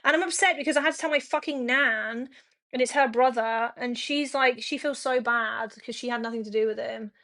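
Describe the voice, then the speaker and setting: A woman's voice: a little high, brisk, fairly bright tone. A young woman streaming from home, chatting frankly and swearing a lot as she rambles to her viewers. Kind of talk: casual chat to a live stream audience.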